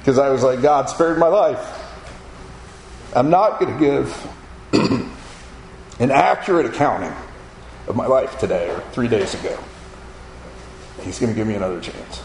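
Guy telling his testimony like a story, mid-pitched voice, echoey room w faint ambience. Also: moderate pace, creaky, long pauses, a little mellow, slight background noise. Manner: vivid storytelling, acting out quoted voices. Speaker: speaker giving a personal testimony. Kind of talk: spoken testimony to an audience.

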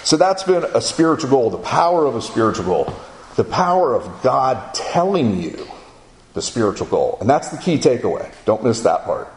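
A middle-aged man preaching in a conversational way, acting out his son's and others' lines in a higher voice. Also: sing-song, moderate pace, echoey room, a little hiss or hum, rough recording. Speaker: speaker at a men's gathering. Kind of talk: sermon-style storytelling.

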